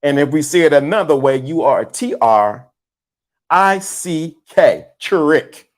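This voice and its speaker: A man's voice: on the high side, measured pace. A man giving a preachy motivational talk on a livestream, often repeating himself and spelling words out letter by letter. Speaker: livestream host.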